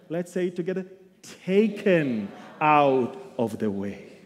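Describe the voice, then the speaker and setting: Man, Bible teacher, high lively voice, emphatic sermon, long hall reverb. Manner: animated, emphatic, with sudden loud bursts and humorous asides.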